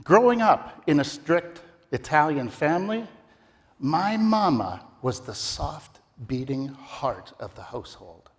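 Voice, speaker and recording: A middle-aged man delivering a theatrical, comic story speech in a competition in a large ballroom. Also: fairly high pitch. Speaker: contest speaker. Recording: reverberant ballroom.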